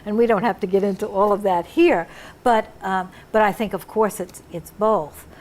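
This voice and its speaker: A woman interviewing a fellow therapist, speaking earnestly and reaching slowly for her words. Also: medium pitch, fairly even intonation, a little mellow. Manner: earnest, searching for words, stretched pauses. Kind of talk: reflective interview conversation.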